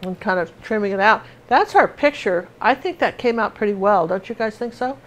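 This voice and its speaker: This middle-aged painting teacher has an expressive, medium-pitched, slightly bright voice and a brisk pace. Loose and chatty, she rambles with many fillers and restarts and drifts into stories mid-lesson while she paints.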